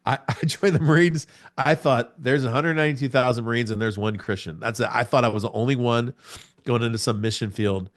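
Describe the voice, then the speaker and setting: Animated man telling a faith story. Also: a little fast. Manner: animated, laughing storyteller who jumps to a much higher pitch at the exciting moments. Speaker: podcast guest. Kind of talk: storytelling in a casual interview.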